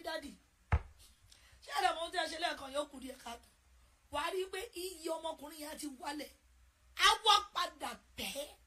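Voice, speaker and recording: A woman preaching and praying fervently, swinging between loud chanted prayer and quick, conversational exhortation to her congregation. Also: sits high, slight background noise. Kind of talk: sermon with prayer.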